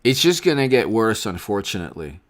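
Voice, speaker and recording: A man's voice: lowish voice, sing-song, a little fast. A man hosting a political commentary livestream, talking in a sarcastic, rambling way.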